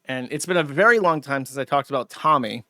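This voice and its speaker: A man's voice: medium pitch, lively intonation, a little fast, pushed and bright, no echo. A man hosting a livestream, rambling through crude, sardonic commentary with lots of fillers, close to a desk mic. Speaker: streamer and host.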